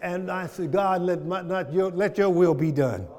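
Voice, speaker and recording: A man teaching scripture to a congregation, his fairly high voice building from easy conversation into fervent preaching. He keeps turning to the room with questions and repeats his phrases. A long hall reverb trails every line. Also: normal speed, dark tone. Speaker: Bible study teacher. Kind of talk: church teaching with call and response.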